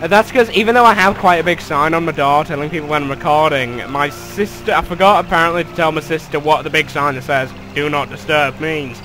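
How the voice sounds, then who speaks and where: A man's voice: a little high, fairly quick, few pauses, over music, poor audio. A young man commentating a video game from his bedroom, sarcastic and sweary. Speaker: gamer. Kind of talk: let's play commentary. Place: bedroom at home.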